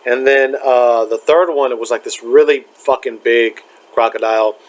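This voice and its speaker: A man's voice: mid-range voice, moderate pace, rough recording. A young man telling a dream in a casual, rambling way, full of fillers, restarts and loose asides. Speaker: spiritual vlogger. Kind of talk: casual storytelling.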